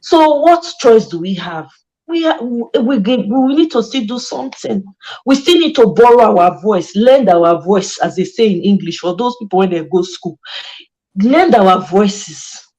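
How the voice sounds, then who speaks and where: A woman's voice: medium pitch, lively intonation, unhurried, darkish tone, low-quality recording. A Nigerian woman hosting a casual chat, passionate and emphatic, mixing Pidgin and English. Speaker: host.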